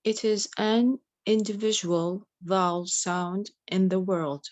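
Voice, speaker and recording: A woman learning English, reading aloud in class with hesitant, halting delivery. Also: medium pitch, steady tone, a little mellow, no echo. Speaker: language student.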